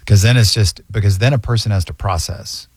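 A man in a casual podcast conversation, speaking earnestly and from the heart in quick bursts. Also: on the low side, slightly rough, no room sound.

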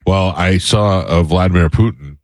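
A man's voice: sits low, normal speed, dry recording. A male morning radio host with a laid-back, teasing manner. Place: radio studio.

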